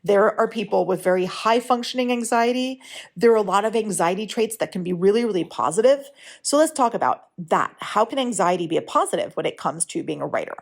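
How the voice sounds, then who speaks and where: A woman hosts her own podcast as a writing coach, speaking in a relaxed, conversational way. She is frank and now and then mildly profane, and she keeps checking in with her listeners with a quick "right?". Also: medium pitch, gravelly. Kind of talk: casual solo podcast talk.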